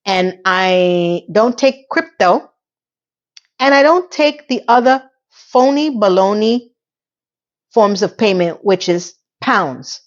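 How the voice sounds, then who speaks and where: A woman casually recapping a TV episode for her viewers, animated and playful, with asides to the audience. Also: mid-range voice, slow pace, muffled recording. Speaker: TV recap vlogger.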